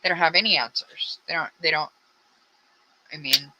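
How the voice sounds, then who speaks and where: A woman's voice: sits low, normal speed, very noisy. A woman hosting a casual true-crime commentary, rambling with blunt, frustrated asides. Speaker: true crime channel host.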